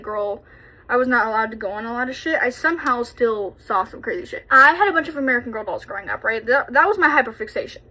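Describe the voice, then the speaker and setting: A young woman in her twenties telling a childhood story while doing her makeup, chatty and animated, swearing freely, filmed on a propped-up phone. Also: a little high. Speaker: beauty vlogger. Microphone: phone camera propped up.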